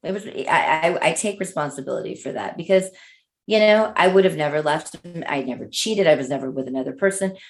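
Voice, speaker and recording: Lively storytelling woman, lowish voice. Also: quick pace, gravelly. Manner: animated storyteller, acts out quoted voices. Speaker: guest. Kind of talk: candid casual chat.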